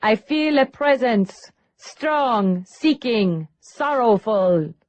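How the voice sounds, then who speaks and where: A woman doing a fake spirit medium, slow and eerie. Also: lively intonation, darkish tone, lo-fi sound. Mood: eerie, solemn. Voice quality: deepened voice with a faint accent. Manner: slow, solemn, intoning.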